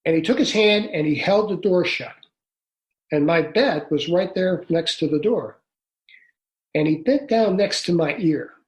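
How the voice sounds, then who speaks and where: Surrounded by a roomy echo, an author in his sixties speaks as an interview guest with a fairly high pitch. Telling his story, he sounds earnest and halting, frequently restarting, his voice slightly raised.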